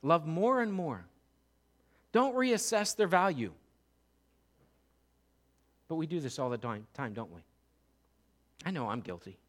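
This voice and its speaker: A man preaching a sermon as pastor, telling the story with animated storytelling and acting out the crowd's voices. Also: on the high side, a little slow, long pauses.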